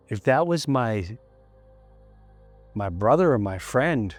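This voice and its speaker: A man's voice: mid-range voice, big pitch swings, slow pace, pauses often, soft background music. A male comedian recounting a story in an interview, emphatic and repetitive, sometimes dropping to a near-whisper.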